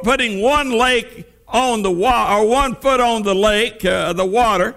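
A man delivers a sermon as vivid storytelling, dropping his voice for dramatic moments. His delivery is slow and deliberate, and his tone is unusually high. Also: pushed and bright. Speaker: preacher.

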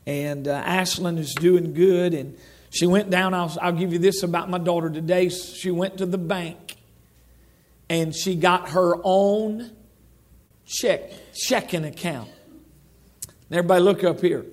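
A man's voice: sits high, measured pace. A middle-aged man preaching a sermon in a church, folksy and rambling, with lots of restarts and asides to the congregation. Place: church sanctuary.

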